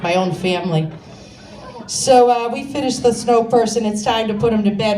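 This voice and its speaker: A woman's voice: a little high, moderate pace, slight background noise. A woman from Massachusetts doing a stand-up comedy set, brash and self-mocking, rambling with lots of "you know" asides. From Scituate, Massachusetts, USA. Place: comedy venue stage with a live audience. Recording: echoey room, distant mic, loud crowd laughter.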